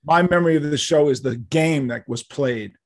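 A man's voice: on the high side, moderate pace, no room sound. An older man, a guest on an interview show, telling a story animatedly and acting out the dialogue. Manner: animated, acts out quoted dialogue.

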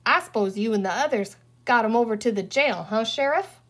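A woman's voice: on the high side, a little fast, fairly bright tone. A woman voicing a dry, withered little old green woman who cackles and speaks in a folksy cowboy drawl. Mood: gossipy gleeful.

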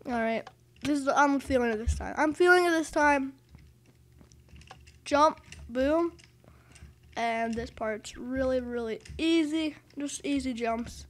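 Excitable high-voiced woman narrating gameplay. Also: slow, long pauses. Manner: excitable, self-mocking, keeps exclaiming over failed jumps. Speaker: gaming video host. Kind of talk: live gameplay commentary.

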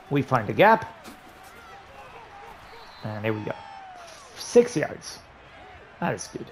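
A man giving gameplay commentary on a football video game, muttering low between plays and breaking into loud, frustrated outbursts. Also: a little hiss or hum. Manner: frustrated, ranting and swearing at the game. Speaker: gaming YouTuber.

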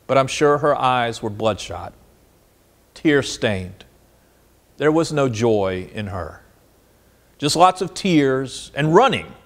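A man preaching a sermon as pastor, asking listeners questions and moving between quiet and animated delivery. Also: fairly high pitch. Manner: expressive, swings between soft and animated.

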